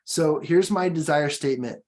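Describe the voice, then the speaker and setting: A man's voice: on the high side, normal speed, darkish tone. Emphatic male motivational coach. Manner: emphatic, encouraging, repeats key points. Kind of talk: motivational training talk.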